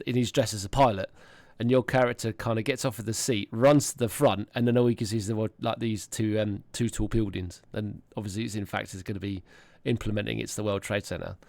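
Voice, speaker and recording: A man's voice: lowish voice, fairly even intonation, fairly quick, creaky, few pauses, darkish tone, no echo. A man in his thirties, telling rambling, sweary stories in a casual podcast chat over an online call. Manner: rambling, sweary storytelling with frequent laughs. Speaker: podcast host.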